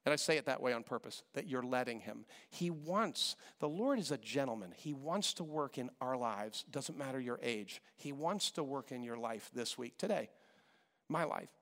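A man preaching a sermon as pastor, animated and repetitive, acting out voices when he quotes people. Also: mid-range voice, normal speed. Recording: long hall reverb.

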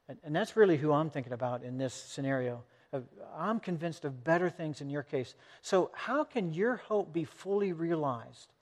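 Man, pastor, earnest conversational sermon, slightly high voice, long church-hall reverb. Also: darkish tone.

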